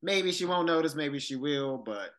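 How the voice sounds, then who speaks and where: Brief: male comic co-host, bright forward tone, loose chatty delivery. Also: on the high side, lively intonation, moderate pace. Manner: laid-back, chatty, many fillers. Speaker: podcast co-host; comedian. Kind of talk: casual chat.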